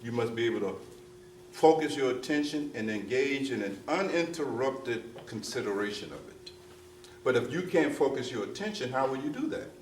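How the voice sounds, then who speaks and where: A man's voice: medium pitch, animated, normal speed, slight background noise. A man giving a spiritual discourse to a gathered audience, emphatic and repetitive, often asking "you see?" and slipping into street slang. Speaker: spiritual teacher. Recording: roomy distant mic with faint ambience.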